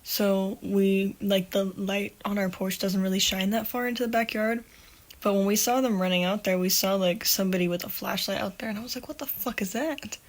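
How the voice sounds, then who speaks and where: A woman's voice: medium pitch, flat delivery, fairly quick. Woman podcast host, casual storyteller, profane and rambling, mid-range voice. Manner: rambling, self-correcting, swears freely.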